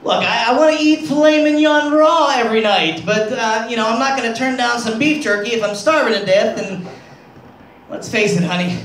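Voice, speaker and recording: A man's voice: extremely high pitch, normal speed, fairly bright tone, a little hiss or hum. A man doing crude, self-deprecating stand-up comedy on a club stage. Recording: roomy club sound from far off.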